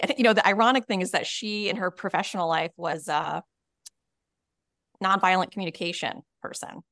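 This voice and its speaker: A woman's voice: fairly low pitch, steady tone, a little fast, fairly bright tone, no room sound, studio quality. A woman who writes and coaches, telling a personal story in a podcast interview, earnest and frank, with many "you know" and "like" fillers. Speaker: podcast guest, author and coach.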